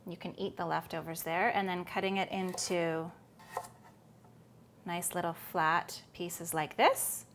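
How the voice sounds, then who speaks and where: A woman's voice: mid-range voice, fairly bright tone, slight background noise. A woman hosting a cooking demonstration, chatty and upbeat with playful asides. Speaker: cooking show host.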